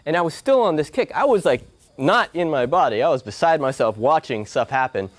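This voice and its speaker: A man's voice: medium pitch, brisk. A man giving a spiritual talk, telling a personal story and acting out his family's voices. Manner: animated, acts out family voices. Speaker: spiritual speaker. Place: yoga hall.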